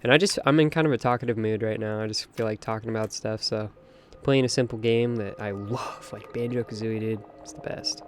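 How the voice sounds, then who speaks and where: A young man with a voice on the low side hosts a late-night game stream, speaking a little fast in a steady tone. There's a slight hiss or hum, faint music sits behind him, and he chats opinionatedly while reading out chat.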